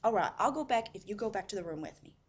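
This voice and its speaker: A woman's voice: medium pitch, lively intonation, fast, lo-fi sound, slight background noise, pitched above the performer's own voice, lightly acted. A woman voicing an exasperated female patient, insistent and raised.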